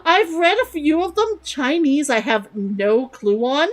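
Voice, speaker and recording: A woman's voice: high voice, very animated, unhurried, rough recording. A young woman streaming a video game, chatting casually, rambling, repeating words and laughing often. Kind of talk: casual gameplay commentary.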